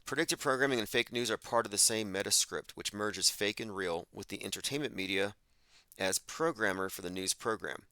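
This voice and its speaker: A man with a lowish, sharp-edged voice holds forth in a podcast monologue. He sounds emphatic and sardonic, and he mocks the people he quotes. The sound is dry and close, with no room around it. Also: brisk, dry recording. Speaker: podcast host. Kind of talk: monologue commentary.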